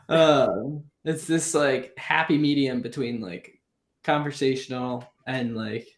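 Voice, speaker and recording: A man hosting a casual live chat, easygoing and quick to agree, leaning on fillers. His voice sits in an echoey room. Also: mid-range voice, expressive, a bit bright. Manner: easygoing, affirming, filler-heavy. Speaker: host.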